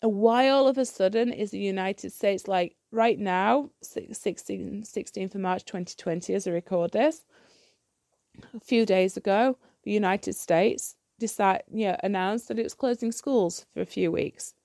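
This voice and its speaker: Woman, solo podcast host, blunt swearing rant; warm tone, dry close recording. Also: medium pitch, measured pace, dry recording. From United Kingdom. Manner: blunt, ranting, swears freely; repeats and restarts when heated.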